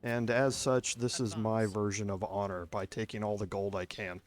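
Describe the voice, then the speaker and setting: Talking his way through a video game, this Texan streamer keeps things chatty and explains every move step by step. He has a lowish voice, an even tone and a moderate speaking rate.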